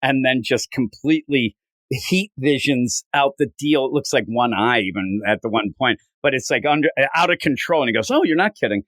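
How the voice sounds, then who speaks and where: A man's voice: moderate pace, no echo. A man casually recapping a comic on a podcast, acting out the characters' lines as he goes. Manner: animated retelling, acting out quotes with big pitch jumps. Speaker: podcast host. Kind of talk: casual comic book discussion.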